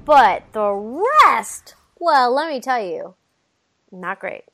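A woman's voice: a little high, lively intonation, slow, bright, forceful tone, slight background noise. A woman co-hosting a casual chat about movie trailers, blunt and sarcastic, swearing now and then. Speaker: co-host reacting to movie trailers.

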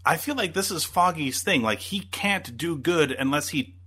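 A man's voice: on the high side, expressive, moderate pace, sharp tone, breathy edge. A man co-hosting a podcast, chatting casually and rambling with lots of fillers and restarts. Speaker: podcast co-host. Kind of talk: casual chat.

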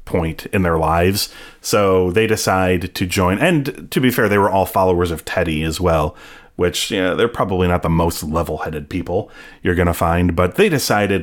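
A man's voice: sits low, moderate pace. A man casually recapping a TV episode as a podcast host, rambling along with fillers and playful asides. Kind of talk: casual chat.

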